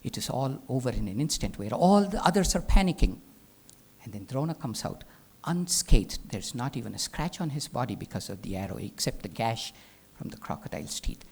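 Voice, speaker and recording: A man giving a spiritual talk as a teacher, telling a legend as an animated storyteller who drops into hushed whispers. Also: medium pitch, fairly quick, creaky, breathy edge. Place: live talk venue.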